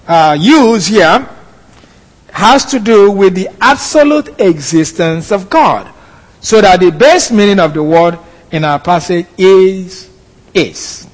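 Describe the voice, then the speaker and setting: A man giving a verse-by-verse Bible lesson in a measured, explanatory way, sometimes correcting himself mid-phrase. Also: high-pitched, animated, long reverb tail, rough recording. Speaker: Bible teacher.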